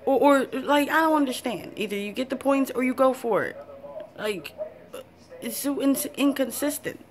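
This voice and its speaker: A woman's voice: sits high, normal speed, noisy background. A woman ranting about her football team in a fan vlog, blunt and profane. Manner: fired-up, cursing, blunt. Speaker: sports fan vlogger. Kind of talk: profane football rant to camera.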